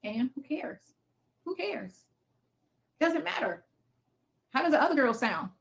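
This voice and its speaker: A woman's voice: high-pitched, big pitch swings, a little slow, a bit bright. A woman in her fifties hosting a casual livestream from her basement, talking bluntly and cursing freely as she answers viewers' comments. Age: 50s. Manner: blunt, profane, defiant. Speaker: livestream host. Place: home basement.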